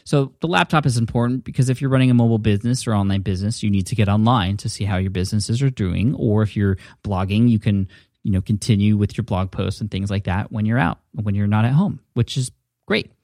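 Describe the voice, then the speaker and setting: Male podcast host, low-pitched, chatty and upbeat, dry close studio mic, home setup. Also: quick pace, a little mellow, no echo. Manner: upbeat, conversational, chatty asides. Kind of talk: casual solo podcast talk. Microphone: studio dynamic mic at a desk.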